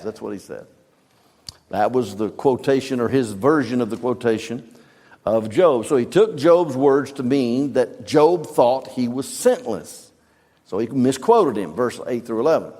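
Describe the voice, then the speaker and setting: A man's voice: medium pitch, a little mellow, big-room sound. A male pastor preaching a sermon, reading scripture aloud with dramatic emphasis and asking the congregation questions. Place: church sanctuary.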